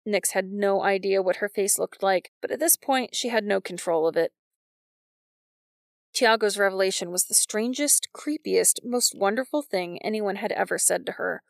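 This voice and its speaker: A woman narrating a novel in a wry, even storytelling manner. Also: medium pitch, normal speed, vocal fry, no room sound, clean studio sound. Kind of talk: scripted audiobook narration.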